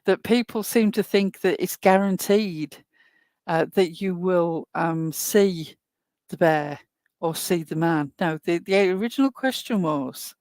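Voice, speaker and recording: A woman's voice: lowish voice, a little slow, a little mellow, no room sound, clean studio sound. A woman hosting a casual online talk show, chatting at length in a rambling way with plenty of fillers. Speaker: host. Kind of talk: casual podcast chat.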